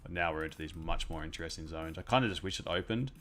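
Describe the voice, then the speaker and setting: A man's voice: low voice, fast talker, a bit bright. A young man hosting a live trading stream, chatting casually in a laid-back way. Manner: laid-back, chatty, trails off mid-sentence.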